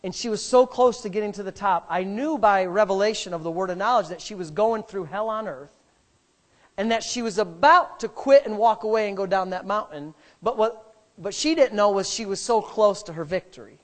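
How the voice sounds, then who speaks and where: A man's voice: high-pitched, brisk. A middle-aged male pastor telling a story in a sermon, speaking emphatically and rambling, with frequent restarts.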